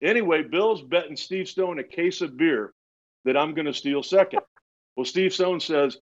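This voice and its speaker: A man in his sixties, a retired pitcher, telling lively stories in an interview, often laughing and restarting his words. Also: moderate pace. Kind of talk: storytelling in casual interview. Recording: dull lo-fi sound.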